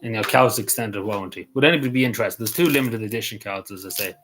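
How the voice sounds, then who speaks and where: An Irish man hosting a casual livestream, rambling with many ums and quick apologies. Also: on the low side, fairly bright tone, rough recording. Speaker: livestream host.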